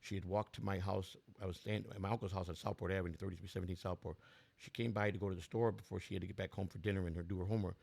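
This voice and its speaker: A political candidate in his sixties tells his life story in a low, gravelly, strained voice that's fairly even in intonation and a little mellow. He speaks rapid-fire, bluntly and ramblingly, with many restarts.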